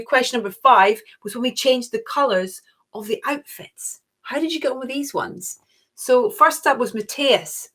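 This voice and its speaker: A woman's voice: on the high side, fairly bright tone. Cheerful chatty woman hosting a quiz. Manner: chatty and cheerful, gushing with oohs. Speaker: quiz host.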